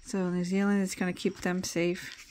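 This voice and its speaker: A woman's voice: on the low side, flat delivery, moderate pace, darkish tone, slight background noise. A woman casually retelling a comic book's plot as a reviewer, chatting loosely with asides as she flips pages.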